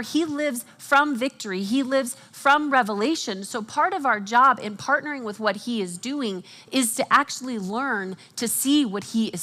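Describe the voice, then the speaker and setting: A woman speaking at a Christian conference, teaching with animated asides and jokes for the audience. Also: a little high. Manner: animated, quotes herself and others in acted voices.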